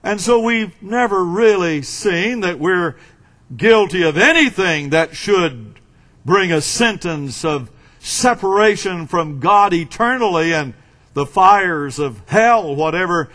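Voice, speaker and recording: A man preaches slowly and with weight, rising and dropping dramatically. His voice sits high and bright, with a very lively melody that swoops across each line. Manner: slow, emphatic preaching with dramatic swings in pitch and loudness. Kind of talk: sermon.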